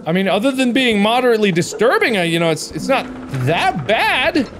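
A man commentating a horror game, excitable and jumpy, with loud reactions and swearing. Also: high voice, fairly quick. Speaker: gaming host. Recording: game music in background.

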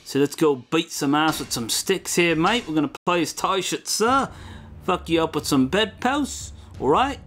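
A man's voice: fairly high pitch, lively intonation, normal speed, fairly bright tone, a little hiss or hum. A young man hosting a game playthrough, crude, joking and rambling as he plays. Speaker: let's play host. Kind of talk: comedic game commentary.

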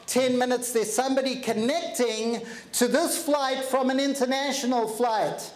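A man quoting a female airline pilot making a calm cabin announcement, in an echoey room. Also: very high voice, normal speed. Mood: matter-of-fact.

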